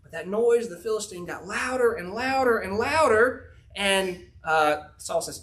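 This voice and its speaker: A man's voice: high-pitched, animated, normal speed, fairly bright tone. A man, preaching a sermon in a folksy, storytelling way, full of "um" and "you know". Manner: folksy storytelling with frequent fillers. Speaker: pastor. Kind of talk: sermon, retelling a Bible story.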